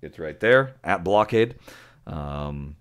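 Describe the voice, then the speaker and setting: A man co-hosting a podcast, talking in a low, deep voice. He chats loosely, laughs often and fills the gaps with ums and uhs. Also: lively intonation, slow pace, clear, resonant tone. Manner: chatty, laughs often, trailing fillers. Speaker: podcast co-host. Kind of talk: casual chat.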